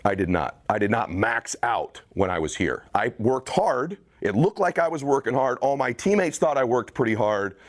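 A man's voice: mid-range voice, animated, moderate pace, hardly any pauses. A man in his forties from the United States giving an intense motivational speech to a college team, building to emphatic urging. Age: 40s. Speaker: motivational speaker.

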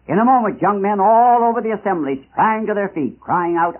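A man delivers a fervent missionary sermon, his voice a little higher than most and husky at the edges. He drives home rhetorical questions and slows down for emphatic pauses. The sound is thin and narrow, like an old archival recording. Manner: impassioned, dramatic, with rising rhetorical questions and slow emphatic pauses. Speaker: preacher.

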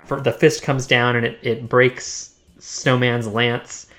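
A man's voice: medium pitch, little pitch movement, slow pace, a bit bright, soft background music. A male podcast guest in a casual chat, enthusiastically describing scenes with frequent restarts.

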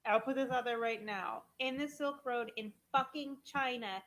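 Eager, explaining woman, slightly high voice. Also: normal speed, a bit bright, poor audio. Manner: explains eagerly, swears casually, self-corrects. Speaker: podcast co-host. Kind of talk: casual chat.

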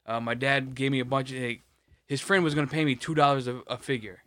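A man's voice: medium pitch, steady tone, fast, fairly bright tone, no echo. A man co-hosting a podcast in casual chat, rambling and swearing with many restarts. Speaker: podcast co-host.

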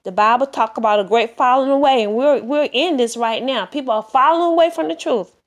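Woman preacher with a slightly high voice, delivering an earnest, repetitive sermon. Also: brisk. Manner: earnest, repetitive exhortation with many restarts.

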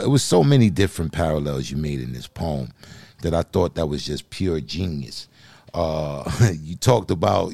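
A man hosting a podcast, giving a relaxed, loose critique of a poem and laughing often. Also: sits low, creaky, no room sound. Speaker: podcast host. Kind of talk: casual critique.

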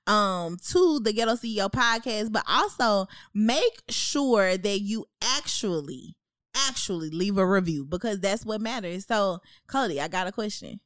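A woman co-hosting a casual podcast chat, teasing her co-host with deadpan jokes. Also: medium pitch, a little slow, no room sound, studio quality.

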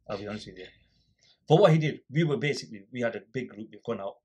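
Man, husky, casual interview, storytelling, mimics other people. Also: mid-range voice, quick pace. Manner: animated storyteller, acts out quoted dialogue. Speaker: guest, volunteer litter picker.

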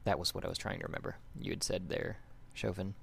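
A man running a tabletop game as game master, halting as he reads rules aloud. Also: low voice, fairly even intonation, vocal fry, a bit bright, breathy edge.

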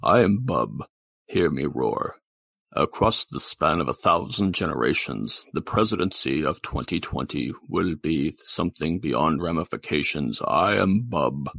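Man putting on a god voice, male deity, deep, slow, solemn, gravelly. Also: animated, fairly bright tone, no echo, heavily acted. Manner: slow, drawn-out proclamations.

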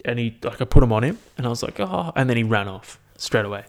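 A man's voice: medium pitch, steady tone, fast. A young man, chatting casually on his own about his year, rambling, swearing often and laughing at his own stories, recorded on a headphone mic. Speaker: vlogger. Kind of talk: casual solo year-review chat.

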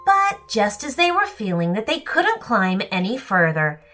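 A woman narrating a children's storybook in a slow, expressive way. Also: medium pitch, faint music behind.

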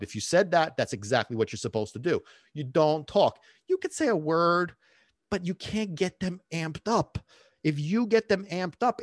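On his solo dog-training podcast, a man talks bluntly and curses, teasing listeners with quiz questions as he jumps between loud and hushed. His voice is a little high, captured in a dry, studio-quality recording.

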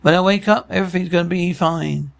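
A shaken young man in a film who fears he is losing his mind. He talks anxiously and doubts himself, in a slightly high voice with a gravelly fry. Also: brisk, dry recording. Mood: distressed. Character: frightened young man fearing madness.

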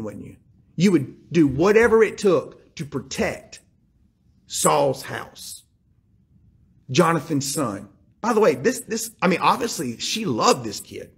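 A male pastor delivers a sermon with a high voice and a husky, slightly rough edge. He retells a scripture story and turns to the congregation with emphatic questions and direct appeals. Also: fairly bright tone.

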